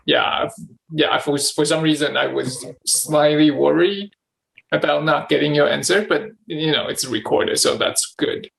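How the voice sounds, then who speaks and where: A man's voice: fairly high pitch, fairly even intonation, normal speed, creaky, fairly bright tone, low-quality recording. A man in casual conversation who speaks hesitantly, repeating himself with many restarts and fillers. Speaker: channeling practice partner asking questions.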